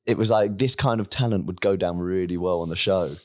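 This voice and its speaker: A man, a podcast guest telling stories in a casual, animated way. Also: low-pitched, brisk. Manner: animated storyteller who slips into voices. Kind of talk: casual chat.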